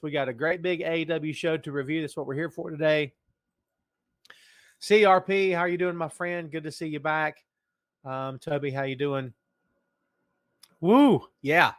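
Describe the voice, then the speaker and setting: A man's voice: fairly high pitch, fairly bright tone, no echo. A man hosting a casual podcast livestream, joking around and greeting viewers in the chat by name. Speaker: podcast host.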